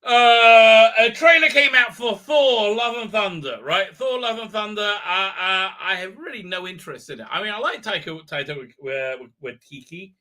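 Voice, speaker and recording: A man's voice: high-pitched, expressive, moderate pace, hardly any pauses, bright, forceful tone. A man hosting a live stream, chatting casually in a rambling, sardonic way full of filler sounds. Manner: rambling, many filler ums and uhs, sardonic. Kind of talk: casual live review chat.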